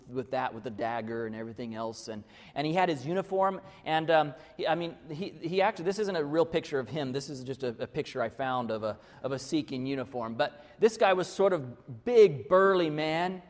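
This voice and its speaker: Man, pastor, storytelling sermon, conversational with restarts, slightly high voice, long echo of a large hall. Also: a little mellow. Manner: conversational, with many restarts and fillers.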